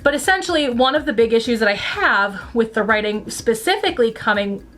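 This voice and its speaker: A woman talks through a casual opinion vlog from home, her voice sitting a little on the high side. She rambles in a chatty flow, with lots of fillers and restarts. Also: animated, fairly quick, a bit bright. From United States. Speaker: channel host reviewing a TV franchise.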